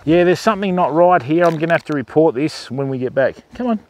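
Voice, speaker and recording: A man chats casually on a phone livestream outdoors at a wildlife park. His fairly high voice swings up and down as he coaxes the animals in a sing-song tone. A faint outdoor hum sits behind him. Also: expressive, quick pace, darkish tone.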